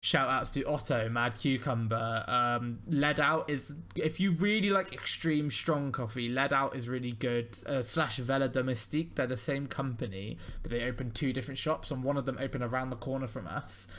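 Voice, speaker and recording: A man's voice: mid-range voice, normal speed, few pauses, fairly bright tone. A young man with an English accent, co-hosting a casual chat and rambling on with the odd swear word. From England. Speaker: podcast co-host.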